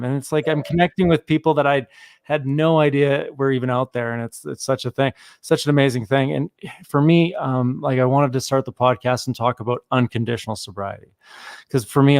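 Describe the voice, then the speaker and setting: A man hosting a podcast in casual conversation, enthusiastic and a bit halting. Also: medium pitch, vocal fry, no echo, clean studio sound. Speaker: podcast host. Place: works in Canada.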